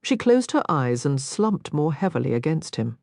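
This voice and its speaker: A woman with a low voice narrates a historical romance with wide, lively inflection. The recording is close and completely dry, with no room sound. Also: vocal fry, no echo. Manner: measured, expressive storytelling. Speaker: audiobook narrator. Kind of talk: scripted narration.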